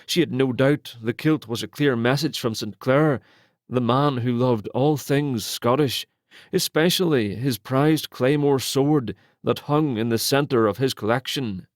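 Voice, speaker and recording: A man narrating a romance novel in a steady, measured storytelling manner on a close studio mic. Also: medium pitch, dry recording. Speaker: audiobook narrator.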